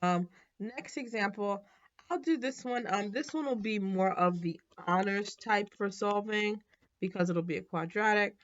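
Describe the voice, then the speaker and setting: A woman teaching a math lesson in a casual, relaxed way, thinking aloud and correcting herself as she works through problems. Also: mid-range voice, unhurried, muffled recording.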